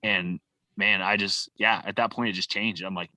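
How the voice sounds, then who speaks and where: A man from California, a guest on a podcast, talks in a loose, heartfelt way, peppering his sentences with "like" and "man." His voice sits a little low but rings bright and forceful. The sound is dry and close, with no room around it. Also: steady tone, brisk, no room sound. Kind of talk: casual conversation.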